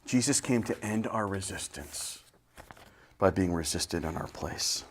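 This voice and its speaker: A man preaching a sermon as pastor, swinging from loud bursts to hushed whispers. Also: lowish voice, measured pace, slight background noise. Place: church sanctuary.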